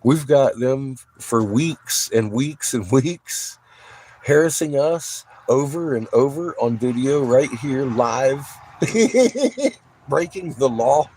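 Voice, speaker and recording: A man's voice: medium pitch, takes it slowly, breathy edge, poor audio. A man vlogger casually telling a story, swearing freely and laughing often as he acts out what others said. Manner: profane, laughs often, animated retelling.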